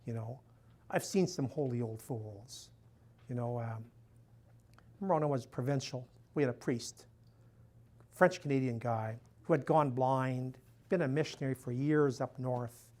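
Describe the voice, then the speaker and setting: An older male priest speaks to a live audience in a folksy manner, chuckling at his own jokes and padding his talk with "you know" and "and so on." His voice sits at medium pitch, slightly slow and a bit mellow.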